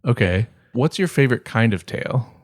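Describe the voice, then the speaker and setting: An animated man with a mid-range voice co-hosts a podcast, chatting loosely and often restarting or filling gaps. He speaks at a moderate pace, and the sound is dry and studio-clean.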